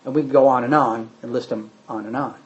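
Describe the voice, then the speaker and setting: A man's voice: mid-range voice, fairly even intonation, quick pace, roomy sound. A man preaching a sermon emphatically, putting rhetorical questions to the congregation. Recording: dull lo-fi sermon recording.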